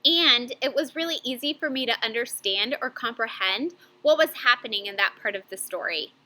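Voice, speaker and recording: A young woman teacher giving an online reading lesson to children, modeling phrasing clearly and deliberately. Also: on the high side, expressive, bright, forceful tone.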